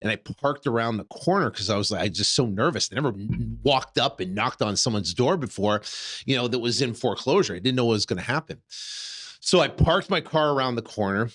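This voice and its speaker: A man in his fifties with a middle-pitched voice tells a personal story casually. He keeps it animated, stumbling through fillers and restarts and acting out his own reactions. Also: brisk. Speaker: real estate investor and podcast host.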